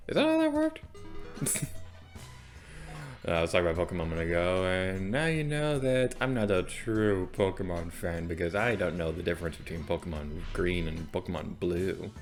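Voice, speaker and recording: A man's voice: sits low, expressive, moderate pace, faint music behind. A young man hosting a let's play, rambling casually and self-deprecatingly about the game as he plays. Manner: chatty, rambling, self-deprecating, sudden loud outbursts. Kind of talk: casual gameplay commentary.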